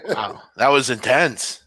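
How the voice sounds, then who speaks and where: A man's voice: mid-range voice, breathy edge. A man from Arizona joining the show's banter, sarcastic and easily amused. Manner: sarcastic, lively, chuckling. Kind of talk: joking banter.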